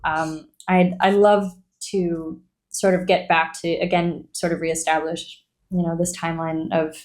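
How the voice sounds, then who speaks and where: A woman hosting an interview, speaking gently and supportively in a measured way. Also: lowish voice, flat delivery. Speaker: interview host. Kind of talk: empathetic interview conversation.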